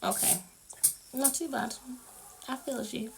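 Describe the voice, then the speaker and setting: A woman's voice: on the high side, takes it slowly, gravelly, slight background noise. A British woman hosting a casual live stream, bubbly, laughing often and humming little tunes while she waits. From United Kingdom. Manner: bubbly, laughs a lot, hums filler tunes. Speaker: livestream host.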